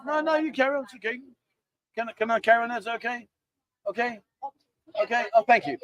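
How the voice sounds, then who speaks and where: A man's voice: very high-pitched, brisk, muffled recording, a crowd in the background. A middle-aged man with a London accent hosting a live stream, chatty, jokey and rambling. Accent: London English. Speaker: livestream host. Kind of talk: casual chat.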